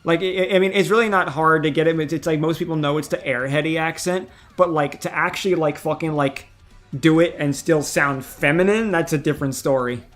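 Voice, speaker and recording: A man's voice: on the high side, fairly quick, a bit bright, soft background music. Stammering, swearing male streamer. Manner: frank, swears often, stammers and restarts. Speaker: streamer host. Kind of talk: casual livestream chat.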